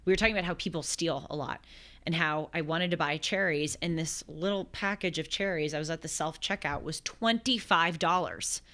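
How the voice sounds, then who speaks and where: A woman in her twenties hosting a show, telling a gospel story in a lively conversational way with quick asides and acted quotes. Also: fairly low pitch. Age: 20s. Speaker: host. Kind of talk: conversational religious commentary.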